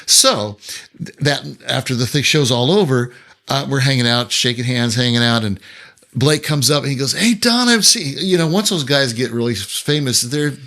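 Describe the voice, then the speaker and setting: A man spins casual anecdotes as an interview guest, his voice at an ordinary middle pitch. He talks in a loose, chatty way, doubling back on his words and slipping into the voices of the people he quotes. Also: normal speed. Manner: animated anecdote-telling, acting out others' lines; loose, chatty phrasing with restarts. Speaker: songwriter guest.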